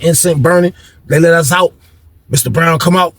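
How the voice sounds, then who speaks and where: A young man casually telling a story from his own life, slangy and animated, acting out the voices of the people in it. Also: on the high side, normal speed, pauses often. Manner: animated, slangy, acts out quotes.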